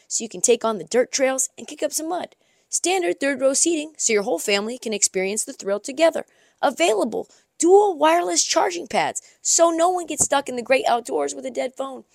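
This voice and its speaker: Woman, commercial voice-over, upbeat salesy read, gravelly, dry sound, fairly high-pitched. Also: no room sound. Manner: bright, salesy delivery. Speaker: ad reader.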